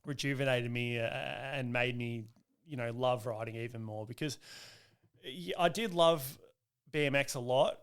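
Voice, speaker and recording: Man, podcast guest: smooth, clear voice, lively storyteller. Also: medium pitch, unhurried. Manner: lively, acts out quoted voices, frequent restarts. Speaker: guest, motocross riding coach. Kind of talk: casual storytelling in a podcast chat.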